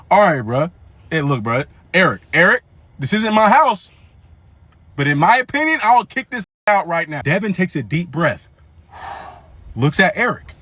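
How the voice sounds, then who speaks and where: A young man with a high, bright-sitting voice tells a comedic story in animated, slangy bursts. He rambles and restarts mid-sentence. The recording is dry, with no room sound. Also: measured pace, pauses often, breathy edge, no room sound.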